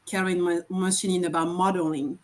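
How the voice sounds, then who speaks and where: A woman's voice: fairly low pitch, little pitch movement, a little fast. A woman who speaks English as a second language, sharing her thoughts earnestly on a video call, often repeating words as she goes. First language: not English. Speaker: summit participant, parent. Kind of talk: casual online panel chat.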